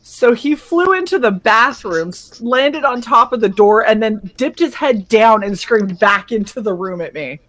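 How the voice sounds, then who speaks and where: A woman hosting a casual chat, telling a story in an animated way and acting out the lines she quotes. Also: a little high, moderate pace, hardly any pauses. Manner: animated storyteller, acts out quotes, swears freely. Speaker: streamer host.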